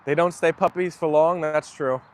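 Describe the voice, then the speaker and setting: A man's voice: on the high side, moderate pace. Chatty man hosting a casual livestream. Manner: relaxed, chatty, often agreeing with viewers. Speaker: livestream host. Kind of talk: casual chat reading viewer comments.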